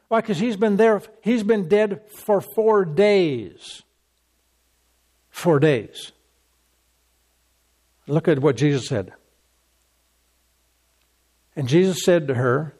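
A man with a high, bright-edged voice preaching with emphatic, repeating phrases. He drives home his point again and again, slipping into quoted lines along the way. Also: expressive, slow, pauses often. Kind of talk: sermon.

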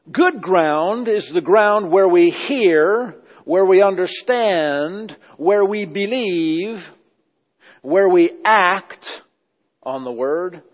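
Emphatic man preaching in an echoey hall. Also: high-pitched. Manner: emphatic, repeating phrases in praise. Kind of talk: sermon. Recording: dull, echoey hall sound.

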